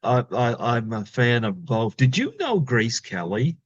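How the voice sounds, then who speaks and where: A man's voice: mid-range voice, very animated, measured pace, dry recording, highs cut off. A male podcast host asking hesitant, fan-like interview questions with many fillers.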